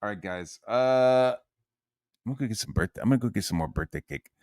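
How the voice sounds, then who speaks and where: A man's voice: fairly low pitch, animated, fast talker, a little mellow, no echo, clean studio sound. A man streaming from his room, ranting casually and swearing a lot. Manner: profane and heated, lots of swearing.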